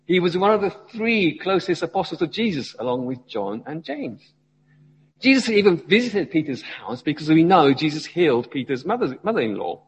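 Lively-voiced man preaching in a church. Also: on the high side, moderate pace, slightly rough, in a large hall, lo-fi sound. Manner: asks the congregation questions, rising and falling emphasis. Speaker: lay preacher. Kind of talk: sermon.

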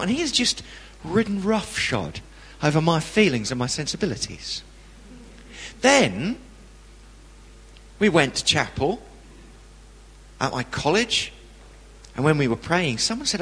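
A man giving a testimony sermon, telling a personal story with lively delivery and acting out the people he quotes. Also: on the high side, moderate pace, pauses often, breathy edge, long reverb tail.

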